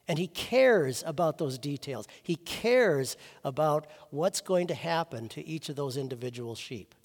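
Earnest preaching man in a reverberant hall. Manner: earnest preaching, swings from loud emphasis to soft low phrases. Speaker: pastor. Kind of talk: sermon.

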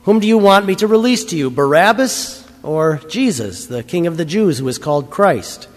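A man's voice: a little high, expressive, normal speed, close to an everyday voice. A man reads a stern, weary Roman governor in a raised, questioning voice. The voice rings on in a long church reverb.

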